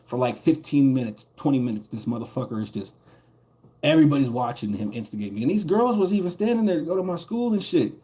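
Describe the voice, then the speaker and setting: A man's voice: mid-range voice, lively intonation, quick pace, warm tone. Profane rambling male streamer. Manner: profane, rambling, laughs between lines. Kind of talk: casual storytelling while gaming.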